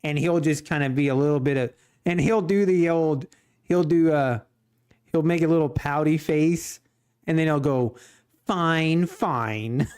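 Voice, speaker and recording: Casual male streamer, a touch high-pitched, talks to chat between trades and laughs easily. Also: normal speed, warm tone, clean tone. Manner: chatty, laughs often, addresses chat directly. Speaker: day trading livestream host. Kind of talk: casual livestream chat and market commentary.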